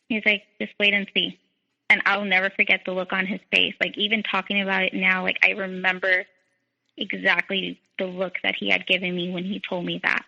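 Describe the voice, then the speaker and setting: Young woman guest, mid-pitched, fry in the voice, lots of "like", muffled recording. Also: completely flat delivery, a little fast, sharp tone, in a large hall. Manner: frequent "like", quotes others in dialogue. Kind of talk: telling her story in a podcast interview. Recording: dull lo-fi sound.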